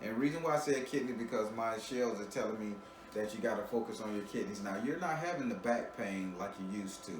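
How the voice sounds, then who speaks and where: A man's voice: on the low side, brisk. Man, spiritual reader, blunt and profane, joking, recorded from a distance, roomy echo with background hum. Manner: blunt and profane, laughs often, repeats words as he restarts. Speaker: spiritual reader giving a tarot reading. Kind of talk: casual, joking reading to a client. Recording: roomy, distant mic with ambient noise.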